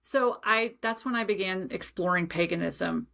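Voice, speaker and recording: A young adult woman talks casually on her podcast, rambling through a personal story. She keeps adding asides and fillers, and her voice has an ordinary, middle pitch. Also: normal speed, gravelly. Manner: chatty, animated storytelling with many asides and fillers. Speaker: podcast host.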